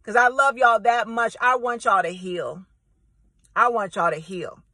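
Brash, profane woman vlogger with a bright voice. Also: a little high, measured pace, no room sound, low-quality recording. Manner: brash, profane and emphatic, repeats herself. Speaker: content creator. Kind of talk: direct-to-camera vlog rant.

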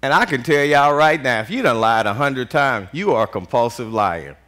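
Lively animated preacher man. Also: medium pitch, moderate pace. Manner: animated call-and-response preaching with frequent "Amen"; Southern US Black vernacular speech, "y'all". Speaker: pastor. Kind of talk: sermon.

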